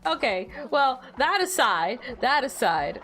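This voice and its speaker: Young female streamer, higher pitch, very lively intonation, teasing and giggly. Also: takes it slowly. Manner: animated, teasing, laughs often. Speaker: gaming streamer. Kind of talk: casual gameplay livestream chat.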